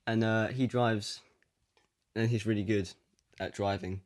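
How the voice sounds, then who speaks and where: A man's voice: fairly low pitch, steady tone, a little slow. A man co-hosting a podcast, chatting casually in a dry, teasing, laid-back way. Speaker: podcast co-host. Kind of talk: casual chat.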